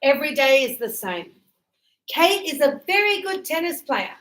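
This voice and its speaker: In an echoey classroom, a teacher patiently walks her students through English grammar with examples and encouragement. She has a high, fairly bright voice with big pitch swings, speaking at a moderate pace.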